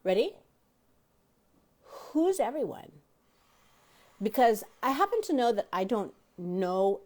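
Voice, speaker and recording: A woman hosting a motivational self-help talk show, teaching an audience and often asking them questions directly. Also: mid-range voice. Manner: animated, addresses listeners directly with questions; acts out quoted dialogue in varied voices.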